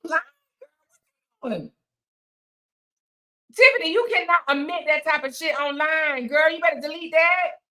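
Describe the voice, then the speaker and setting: A woman hosts a casual online chat, reading viewer comments and answering them with playful teasing and frequent laughs. She speaks in a bright, sharp voice that sits a little high. Her delivery stays lively and conversational. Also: takes it slowly, pauses often. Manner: animated, teasing, laughs often, playful asides.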